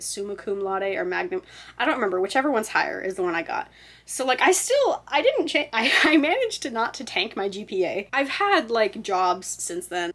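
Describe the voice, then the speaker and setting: A woman's voice: medium pitch, fairly bright tone. A woman in her twenties rambling in a casual vlog chat, self-deprecating and talking with frequent "like" and "um" fillers. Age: 20s. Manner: self-deprecating, laughs at herself. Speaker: vlogger.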